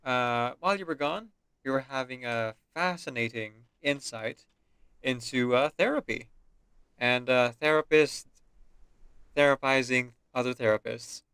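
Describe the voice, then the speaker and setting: A man giving casual let's-play commentary with relaxed, musing asides. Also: medium pitch, unhurried, clean tone, no room sound. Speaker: game streamer.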